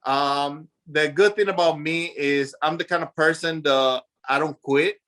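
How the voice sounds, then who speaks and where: A man in his forties from Puerto Rico with a Puerto Rican Spanish accent, a native Spanish speaker telling his story as a podcast guest in a lively, animated way with lots of fillers. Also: a little high, measured pace. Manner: animated, acts out past voices, many fillers. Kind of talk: casual storytelling interview.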